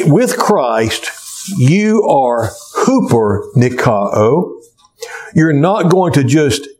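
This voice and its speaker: Slow, emphatic male preacher. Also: mid-range voice, a little mellow. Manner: emphatic, rising and falling preaching cadence. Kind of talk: sermon.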